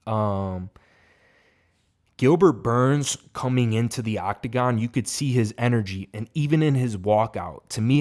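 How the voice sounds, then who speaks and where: A man's voice: on the low side, darkish tone. A man giving a casual, profane fight reaction, rambling and emphatic. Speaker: MMA reaction host.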